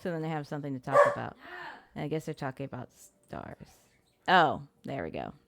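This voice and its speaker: Over a streaming mic with no echo, a young adult woman plays a game and narrates it in a chatty, swearing way, often laughing at how badly she's doing. She has a deep, fairly bright voice with vocal fry, a sing-song lilt, and a fairly quick pace as she delivers casual gameplay commentary.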